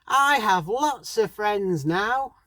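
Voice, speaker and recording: A man's voice: sits high, sing-song, unhurried, slightly rough, dry recording, voice pushed up, heavily acted. A man reading aloud, voicing a curious and lonely little young male beaver from a children's storybook in a raised, eager voice. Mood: happy.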